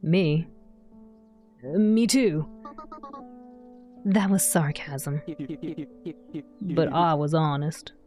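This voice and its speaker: Woman doing a deep Southern drawl. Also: extremely slow, long pauses, warm tone, soft background music. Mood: dry. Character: gloomy horned young man, resigned.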